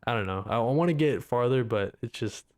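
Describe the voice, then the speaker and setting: A male co-host in an easygoing gaming chat who rambles and keeps reaching for "you know what I mean". His voice sits mid-range in pitch and he swears now and then. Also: expressive, brisk, darkish tone. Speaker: podcast co-host. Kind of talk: casual chat.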